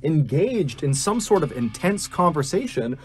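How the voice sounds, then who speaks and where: A man narrating a true missing-person story in a steady storytelling manner that builds suspense. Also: a little high, unhurried, soft background music.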